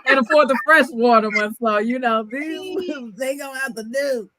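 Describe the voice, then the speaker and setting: A woman's voice: sits high, normal speed. Laid-back woman co-host, crowd behind her. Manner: laid-back, joking, laughs often. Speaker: podcast co-host. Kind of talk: casual banter.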